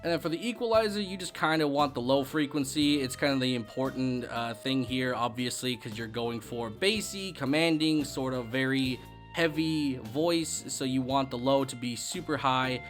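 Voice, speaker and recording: A young man hosting a casual software tutorial, chatting loosely with lots of swearing and self-mocking asides on a bass-boosted desk microphone. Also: normal speed, soft background music. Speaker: YouTube tutorial host.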